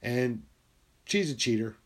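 Man from connecticut, candid monologue, blunt and confessional, swears freely, mid-pitched voice, sinks into quiet low asides. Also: expressive, takes it slowly. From Connecticut, USA.

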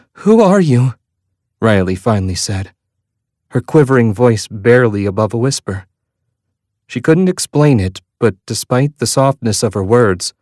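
A man narrating an audiobook passage in a hushed, dramatic storytelling manner. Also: medium pitch, dry recording, clean studio sound.

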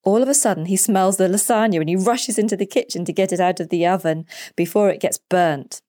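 A woman narrating a children's story as the storyteller, in a clear and deliberate way. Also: medium pitch, mellow, no echo, studio quality.

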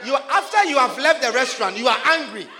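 A man preaching a sermon to his congregation, emphatic and often shouting, repeating his phrases for force. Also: extremely high pitch, expressive, fast talker, in a large hall, crowd noise.

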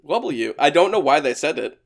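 A man's voice: fairly high pitch, sing-song, a little fast, gravelly. A man hosting a podcast, chatting casually about a movie, laughing often and restarting his sentences. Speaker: podcast host.

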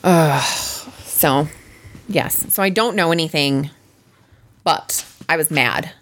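A woman co-hosting a casual podcast, talking about reality TV in an animated, exasperated way and swearing freely. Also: deep voice, slow. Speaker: podcast co-host. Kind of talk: casual reality-TV recap chat.

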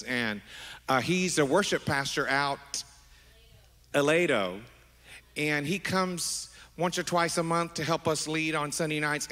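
A middle-aged man preaching as a pastor, animated and affectionate, wandering into asides with his congregation. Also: a little high. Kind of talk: sermon. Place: large church sanctuary. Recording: long hall reverb.

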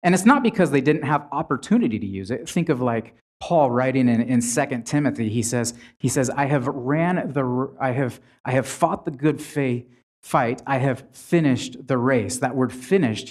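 A man's voice: medium pitch, darkish tone. A man preaching a sermon in a conversational way, retelling scripture with frequent restarts.

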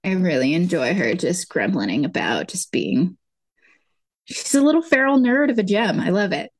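A woman's voice: fairly low pitch, sing-song, normal speed, dry recording. A young woman from the Lake Tahoe area, co-hosting a podcast in a bubbly, chatty way with lots of "like" fillers. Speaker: podcast co-host. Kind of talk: casual chat.

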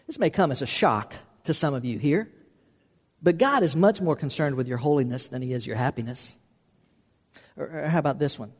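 A man's voice: fairly high pitch, animated, brisk, breathy edge. A man preaching a sermon as pastor, earnest and repetitive, often restarting phrases for emphasis. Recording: long hall reverb.

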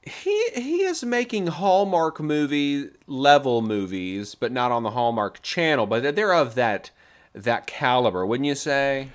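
Lively, emphatic male podcast host. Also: mid-range voice, measured pace. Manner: emphatic, repeats himself, lively asides. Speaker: podcast co-host reviewing trailers. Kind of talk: casual chat.

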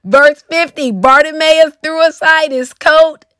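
Fervent high-voiced woman preaching. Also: steady tone, a little slow, dry recording. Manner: fervent, emphatic, shouts scripture lines. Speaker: podcast host and preacher. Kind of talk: preaching podcast sermon.

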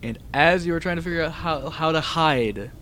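A man's voice: a little high, normal speed, pushed and bright. A man running a tabletop game as game master, talking in a loose, easygoing way with plenty of fillers.

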